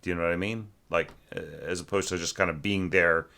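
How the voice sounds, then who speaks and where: A man's voice: low voice, fairly even intonation, quick pace, bright, forceful tone, clean tone. A man giving a loose, rambling spoken critique of a student's orchestration, full of fillers and sung musical figures. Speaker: orchestration teacher.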